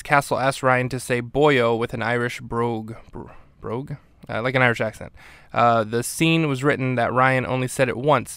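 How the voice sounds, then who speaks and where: A man's voice: medium pitch, smooth, no echo, studio quality. A man hosting a podcast, giving a casual, rambling recap of a TV episode with frequent fillers. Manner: relaxed, rambling with many fillers. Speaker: podcast host.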